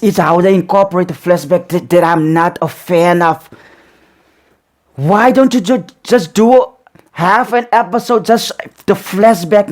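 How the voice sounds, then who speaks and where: A man with a high voice gives casual reaction commentary on a show. He repeats his points over and over and tacks "man" onto almost every sentence. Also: a little mellow. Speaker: reaction video host.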